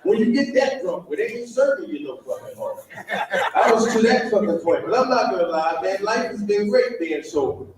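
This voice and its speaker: A man performing a stand-up comedy set on stage, swearing, laughing and shouting his punchlines. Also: sits high, lively intonation, brisk. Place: live comedy venue on stage. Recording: echoey venue mic from far off with loud crowd ambience. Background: loud audience ambience.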